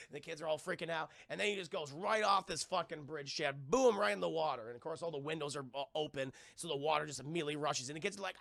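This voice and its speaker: A man reviewing a film on a live stream to his chat, animated and profane, acting out scenes as he retells them. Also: a little high, fast talker, vocal fry, no room sound.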